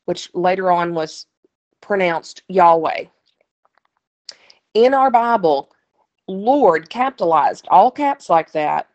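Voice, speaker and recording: A woman's voice: mid-range voice, a little mellow, highs cut off. A woman teaching a Bible study, reading scripture aloud and explaining it in a plain, conversational way with asides to her listeners.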